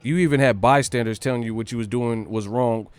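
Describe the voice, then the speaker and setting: Hosting a boxing livestream, a man rants casually at a fairly quick clip, his mid-range voice clear and resonant with faint music behind. He's brash, profane, boastful, and hyped, slipping into short celebrity impressions and laughing.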